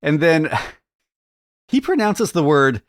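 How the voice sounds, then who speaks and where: A man co-hosting a podcast, telling stories in an excitable, animated way. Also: on the high side, slow, no room sound, studio quality. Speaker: podcast co-host. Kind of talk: casual chat.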